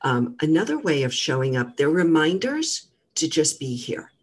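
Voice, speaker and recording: A middle-aged woman, a guest trainer, talking casually in a gentle coaching manner with lots of fillers. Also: deep voice, sing-song, moderate pace, breathy edge. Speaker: guest, mental fitness trainer. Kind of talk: casual interview talk.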